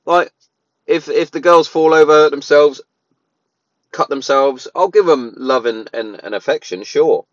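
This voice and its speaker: A man's voice: a little high, a little slow, no room sound, dull audio. A man, a father giving his views in a loose, rambling monologue full of restarts and fillers. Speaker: parent sharing opinions. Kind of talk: casual monologue.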